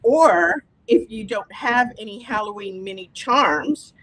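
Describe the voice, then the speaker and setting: A woman's voice: medium pitch, animated, slow pace, fairly bright tone, no room sound, low-quality recording. A woman hosting a live fabric store product demo, chatty and gushing.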